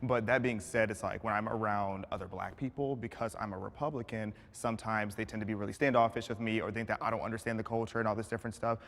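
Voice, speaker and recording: A man who works in political media, speaking in a measured, articulate way in a panel discussion. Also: fairly low pitch, steady tone, fairly bright tone, in a large hall.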